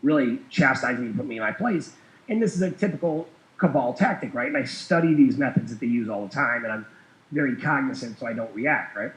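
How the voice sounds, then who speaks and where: A man's voice: medium pitch, animated, brisk, fairly bright tone. A man telling a long story in casual chat, rambling with many fillers and small chuckles. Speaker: guest. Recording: roomy, dull lo-fi sound.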